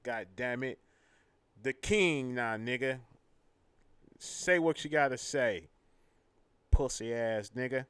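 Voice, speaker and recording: A man's voice: medium pitch, takes it slowly, long pauses, a bit bright, clean tone, no echo. A man hosting a live talk show, brash and profane, trash-talking and boasting. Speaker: host.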